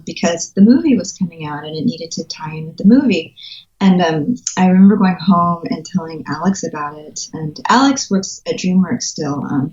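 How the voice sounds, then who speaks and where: A woman in her thirties tells stories with animated energy and leaps into high voices when she quotes people. The sound is roomy and a little dull, like a lo-fi remote recording in a reverberant room. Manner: animated storytelling, acts out quotes with big pitch jumps and laughter. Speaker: guest, children's book illustrator. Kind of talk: casual interview chat.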